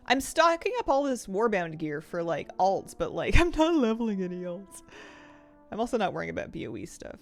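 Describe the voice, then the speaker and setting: Lively, gravelly woman streamer. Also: fairly low pitch. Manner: chatty and rambling, thinks aloud, laughs easily. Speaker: game streamer. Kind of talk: casual live-stream chat while gaming.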